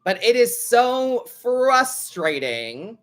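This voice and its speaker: A man with a very high-pitched, very animated voice hosts a live tarot stream, speaking extremely slowly. He chats casually in a blunt, sassy way, swears freely, and acts out other people's lines.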